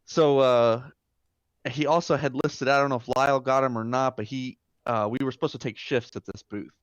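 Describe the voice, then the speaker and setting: A man's voice: mid-range voice, steady tone, normal speed, smooth, no room sound, muffled recording. Rambling man telling a story. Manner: rambling, lots of fillers and restarts. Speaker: guest. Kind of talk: casual storytelling.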